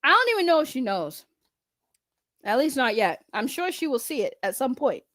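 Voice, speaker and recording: A young woman with a high voice rants bluntly at her livestream chat, swearing freely. Her voice sits close and dry on a desk mic, with almost no room sound. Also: big pitch swings, normal speed, fairly bright tone, no room sound. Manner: blunt, heavy swearing, talks straight to chat. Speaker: livestream commentary host. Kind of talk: ranting livestream commentary.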